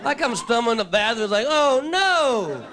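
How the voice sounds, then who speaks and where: Texan guy doing standup, folksy and fed up, high voice, roaring crowd. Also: rapid-fire, noisy background. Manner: folksy, exasperated. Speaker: stand-up comedian and host. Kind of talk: stand-up comedy. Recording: live club with loud crowd laughter.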